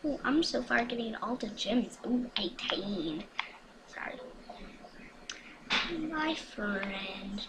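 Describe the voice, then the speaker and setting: A woman's voice: medium pitch, expressive, slow pace, long pauses, very noisy. A woman recording casual gameplay commentary at home, hyper and chatty, with frequent whispered asides. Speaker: gaming vlogger.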